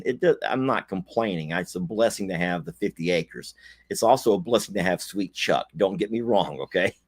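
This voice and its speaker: Co-host, middle-aged man, lower pitch, folksy and joking in easy livestream chat. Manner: folksy, joking, animated asides.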